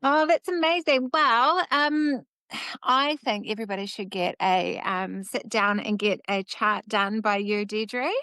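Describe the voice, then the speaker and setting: A woman's voice: mid-range voice, a little slow, bright, forceful tone, clean tone, no room sound. A woman hosting an interview, giving encouraging responses with many ums. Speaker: podcast host.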